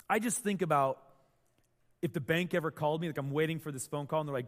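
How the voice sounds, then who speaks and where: Animated male pastor in an echoey hall. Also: fairly high pitch, fast. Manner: animated storytelling, acts out quotes. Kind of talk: sermon.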